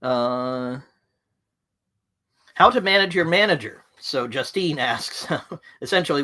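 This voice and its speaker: Male presenter, bright tone, frank and direct, hosting a live online talk. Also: medium pitch, lively intonation, slow, long pauses. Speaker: livestream presenter on management.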